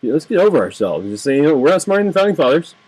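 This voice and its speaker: A man's voice: fairly high pitch, very animated, very fast, a little mellow, breathy edge, poor audio. A man delivering an impassioned, indignant political rant to camera, repeating phrases for emphasis. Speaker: political video blogger. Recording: home webcam video.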